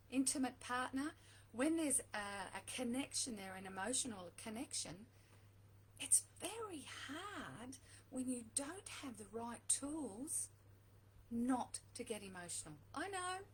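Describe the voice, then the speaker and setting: A woman's voice: a little high, lively intonation, slow, slightly rough, rough recording. A middle-aged woman coaching viewers on relationships, talking earnestly and repeating her key points for emphasis. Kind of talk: direct-to-camera advice talk.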